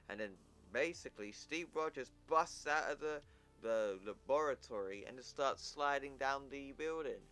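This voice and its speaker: A man's voice: mid-range voice, measured pace, a bit bright. Casual man recapping a comic. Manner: casual, slangy storytelling. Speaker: comic book recap YouTuber.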